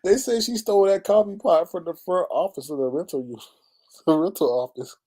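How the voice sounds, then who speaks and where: Animated, sassy man with a mellow voice. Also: high voice, moderate pace. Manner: animated, laughing, shrieks and sassy asides. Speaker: livestream host. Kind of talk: casual commentary livestream.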